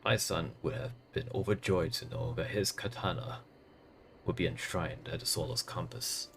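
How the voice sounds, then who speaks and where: A man voicing an older retired samurai and proud grieving father, in a grave old man voice that breaks into strained high cries. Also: fairly even intonation, normal speed, a bit bright, slight background noise. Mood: solemn. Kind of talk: reading game dialogue aloud in character.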